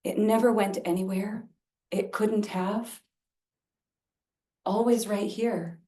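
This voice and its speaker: A woman leading a spiritual service, guiding a chant-based practice in a slow, gentle way. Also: mid-range voice, fairly even intonation. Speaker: service leader. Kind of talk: guided spiritual practice talk. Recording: roomy sound from a distance.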